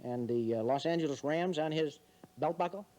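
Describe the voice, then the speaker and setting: A man's voice: on the high side, normal speed, mellow. A man hosting a comedy quiz game in front of an audience, teasing the contestants with wry, mock-serious remarks. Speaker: game show host. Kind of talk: joking quiz-show hosting.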